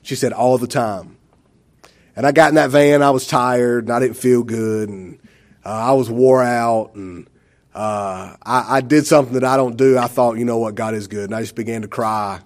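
A man's voice: mid-range voice, steady tone, moderate pace. A man, telling a church testimony in a rambling, emotional way with many fillers. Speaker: church member giving a testimony.

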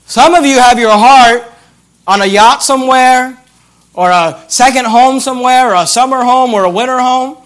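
Preaching as pastor in an extremely high, somewhat bright voice, a man reads scripture aloud. He emphasizes his message by repeating important phrases and stretching verses out slowly.

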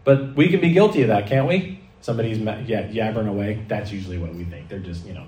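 A man preaching a sermon, telling stories in a lively way and acting out the voices he quotes. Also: fairly low pitch, fast. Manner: animated storytelling preacher, acts out quoted voices. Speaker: pastor. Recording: echoey hall, mic at a distance.

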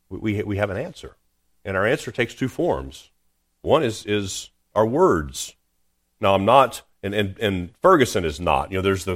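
Man with a low deep voice preaching, earnest, keeps restarting his words. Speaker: pastor. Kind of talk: sermon.

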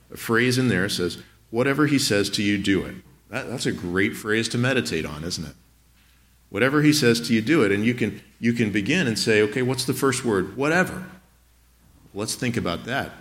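A man's voice: lowish voice, a bit bright. A male pastor giving a sermon in a conversational, earnest way, often putting questions to the congregation.

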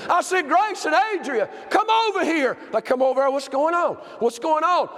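A man preaching a sermon, telling stories with passion and swinging from shouts to hushed tones. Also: extremely high pitch, animated, normal speed. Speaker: pastor. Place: church sanctuary. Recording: long hall reverb.

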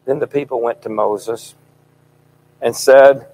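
A middle-aged man delivers a fervent sermon at an unhurried, deliberate pace. He presses each point emphatically, letting his voice swell loud on key lines. His pitch sits in an ordinary middle range for a man. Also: fairly even intonation, rough recording. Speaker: preacher.

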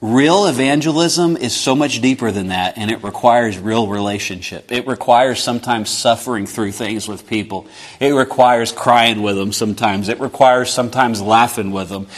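A man's voice: medium pitch, normal speed. A man preaching a sermon in an earnest, conversational way, sometimes acting out short exchanges.

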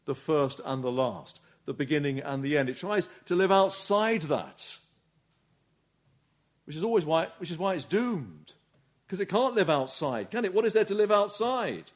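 A man's voice: on the high side, big pitch swings, normal speed. Earnest male preacher, rhetorical questions. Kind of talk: sermon.

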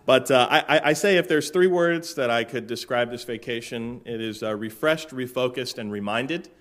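A man's voice: mid-range voice, moderate pace, a bit bright. Chatty Florida man pastor with dry humor. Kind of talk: casual sermon-opening story.

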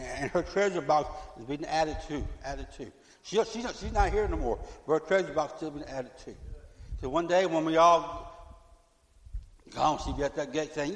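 A middle-aged man preaching a fervent sermon as pastor, repeating himself and swinging from loud to hushed. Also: fairly high pitch. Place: church sanctuary. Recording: echoey church hall.

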